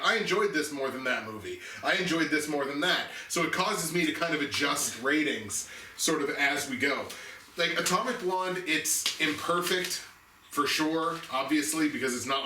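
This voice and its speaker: A man's voice: fairly high pitch, pushed and bright, recorded from a distance. A man co-hosting a movie review show, chatting casually and enthusiastically about films, rambling with restarts. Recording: echoey room, voice off-mic, faint noise.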